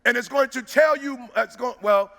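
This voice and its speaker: A man with a very high, sharp voice delivers a preacher-style motivational speech, hammering his points home. He shouts some lines and stretches others into a sing-song cadence. His voice rings out with the long reverb of a big hall. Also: moderate pace, gravelly. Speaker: motivational speaker.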